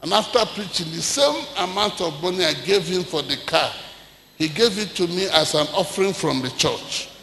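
An older Nigerian man preaching a sermon, telling stories with acted-out dialogue and rising to shouts. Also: high-pitched, normal speed, gravelly. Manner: animated storyteller, acts out dialogue, swings to shouting. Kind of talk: sermon with storytelling. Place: large church hall. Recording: echoey church hall with long reverb.

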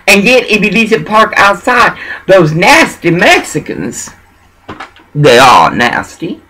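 A man's voice: high voice, wildly swooping pitch, takes it slowly, sharp tone, rough recording. A man from Texas, talking in a preachy, meandering monologue. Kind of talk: rambling monologue.

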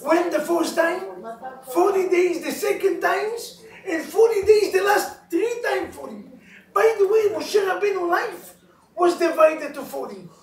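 Man, rabbi, couples class, broken English, storytelling, high voice, roomy echo, distant mic. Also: measured pace. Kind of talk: lively teaching with jokes. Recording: roomy echo, recorded from far off.

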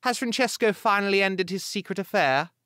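A man's voice: sits high, brisk, bright, forceful tone, no echo, studio quality, voice pushed up. A man putting on a haughty meddling old mother. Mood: meddling, snobbish. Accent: British. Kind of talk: audiobook narration.

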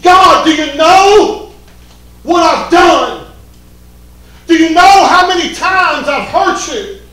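A man preaching, voicing a guilt-ridden believer who shouts pleading questions at God. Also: very high voice, expressive, takes it slowly, exaggerated voice. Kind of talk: sermon. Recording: echoey church hall from a distance.

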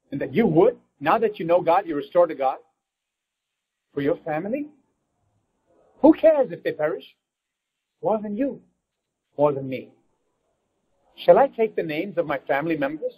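A man's voice: high-pitched, big pitch swings, moderate pace, pauses often, dark tone, breathy edge, rough recording. A man preaching a fervent sermon as pastor, breaking into prayer addressed to God.

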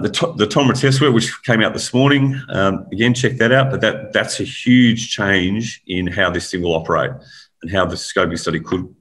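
Managing director, man, deep voice, fast and filler-heavy, voice a bit worn. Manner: rapid, energetic, many ums and restarts. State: voice getting tired. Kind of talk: investor presentation in an interview.

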